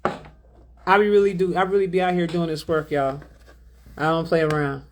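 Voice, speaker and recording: A woman's voice: on the low side, moderate pace, a little hiss or hum. A woman hosting a spiritual livestream, reading out chat and donations in a drawling, affectionate way, calling viewers baby and beloved.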